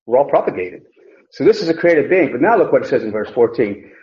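A man's voice: medium pitch, very animated, fairly quick, a little mellow. A man teaching a verse-by-verse Bible lesson, emphatic, repeating key phrases and often restarting sentences. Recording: echoey room, dull lo-fi sound.

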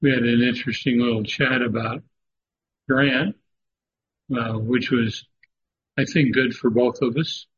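Slow, halting male Bible teacher. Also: medium pitch, steady tone, fairly bright tone. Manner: slow, halting, many "uh" fillers, emphatic stresses. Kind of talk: Bible study lecture. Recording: dull lo-fi recording with faint noise.

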